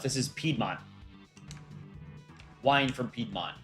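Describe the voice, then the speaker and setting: A man hosts a casual livestream, answering chat questions in a relaxed, offhand manner. He thinks aloud with frequent ums, at an ordinary middle pitch, with faint music underneath. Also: normal speed. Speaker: livestream host for a countryball animation channel.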